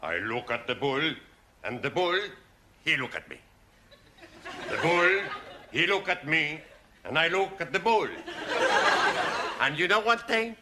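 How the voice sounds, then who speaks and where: An actor playing a boastful Spanish student telling jokes in broken English, with a Spanish accent, in an old noisy sitcom recording. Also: male voice, on the high side, very animated, unhurried, long pauses. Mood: cocky. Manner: broken English, cocky joke-telling, laughing at own jokes. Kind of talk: 1970s studio sitcom acting.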